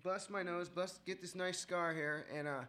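A man's voice: sits high, steady tone, normal speed, sharp tone. A man sharing his own story with a group at a recovery meeting. He rambles and mocks himself, with many fillers and chuckles.

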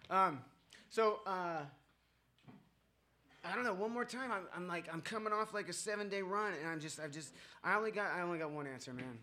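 A man's voice: high voice, fairly quick, bright, forceful tone. A man sharing his own story with a group at a recovery meeting. He rambles and mocks himself, with many fillers and chuckles.

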